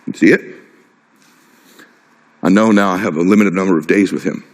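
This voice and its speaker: A man's voice: deep voice, moderate pace. A middle-aged man giving a motivational stage talk, impassioned and personal, driving his point home with short repeated phrases. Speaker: motivational speaker. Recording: long hall reverb.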